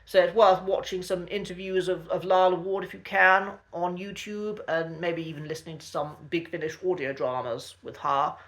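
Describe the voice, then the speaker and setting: Bright-voiced man, hesitant chatty lesson. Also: sits high, steady tone. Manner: hesitant, with frequent ums and uhs and restarts; polite, measured and chatty. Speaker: accent coach. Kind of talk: casual spoken lesson to camera.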